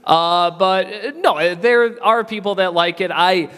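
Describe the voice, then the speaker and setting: A man's voice: high voice, a little slow, a bit bright. A man with a scratchy throat answering audience questions on a convention panel in a casual, chatty way, often restarting and laughing. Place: convention hall. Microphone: handheld mic. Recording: reverberant convention hall.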